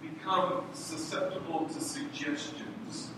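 A man's voice: a little high, slow pace. A middle-aged man and pastor preaching a sermon in a church hall, telling stories and acting out the voices of others. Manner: animated storytelling, acting out voices. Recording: echoey hall from far off, noisy.

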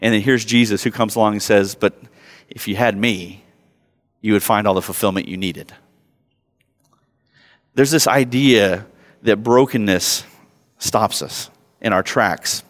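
A man in his thirties preaching a sermon as a pastor, conversational and self-mocking, telling stories and rising loud when he acts them out. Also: on the low side, unhurried, long pauses. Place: church sanctuary. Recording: long hall reverb.

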